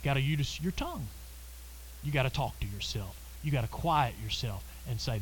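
A man preaching a sermon, swinging between loud emphatic lines and hushed, quiet ones. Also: medium pitch, lively intonation, moderate pace, a little hiss or hum, low-quality recording.

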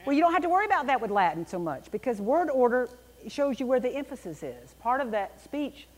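A woman teaching a Bible class in an animated, emphatic way, with a reverberant room around her. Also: sits high, a little fast.

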